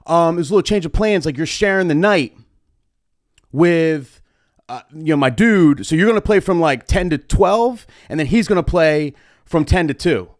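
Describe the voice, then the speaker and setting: A man's voice: a little high, animated, normal speed, no room sound, clean studio sound, pitched above the performer's own voice, lightly acted. A man voicing a laid-back young male club promoter who talks in a casual, reassuring, repetitive way. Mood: breezy.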